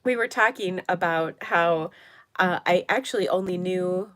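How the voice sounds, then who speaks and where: A woman's voice: on the low side, measured pace, a bit bright. A middle-aged woman hosting a papercraft livestream, chatting casually and rambling with many fillers, her voice congested and nasal from a cold. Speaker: papercraft channel host.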